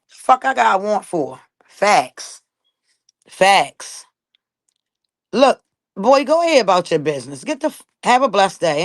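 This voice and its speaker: A woman's voice: medium pitch, dry recording. A woman vlogger telling her own life story to viewers in casual talk, blunt, profane and emphatic.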